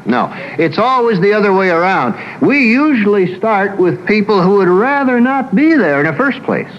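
A man's voice: sits high, big pitch swings, normal speed, dull audio, slight background noise. Folksy male psychologist telling stories. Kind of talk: anecdotal lecture.

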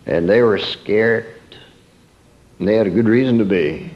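A man preaching a sermon in a storytelling way, swinging from emphatic peaks to soft, quiet asides. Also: on the low side, a little slow, muffled recording.

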